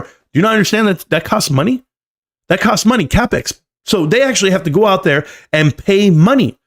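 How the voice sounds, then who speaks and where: A man's voice: high-pitched, lively intonation, a little fast. Emphatic man lecturing on a live stream. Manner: emphatic, lecturing, repeats key numbers. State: coughing, choked up. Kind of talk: live stream market commentary.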